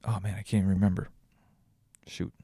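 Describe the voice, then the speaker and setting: A man's voice: low voice, level tone, fairly quick, creaky, mellow, breathy edge, dry recording. A tired man hosting a podcast alone, rambling and thinking aloud with many restarts. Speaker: podcast host. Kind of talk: casual solo reflection.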